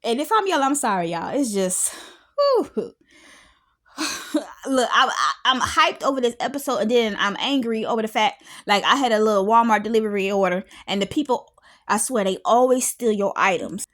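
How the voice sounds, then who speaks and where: An outspoken woman in her thirties with a fairly high voice. She talks animatedly in a casual reaction vlog and gets loud at times. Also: fairly quick. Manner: animated and outspoken, with frequent laughs and exclamations. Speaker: reality TV reviewer.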